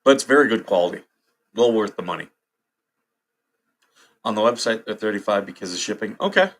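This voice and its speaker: Speaking briskly in a fairly low voice, a livestream host reads out headlines and banters with viewers, laughing often. He's got the hiccups throughout.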